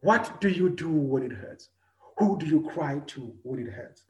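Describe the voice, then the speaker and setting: Man in his thirties, earnest preacher, slightly high voice, echoey room. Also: animated, unhurried. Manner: earnest, repeats phrases, swings between loud and soft. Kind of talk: personal sermon.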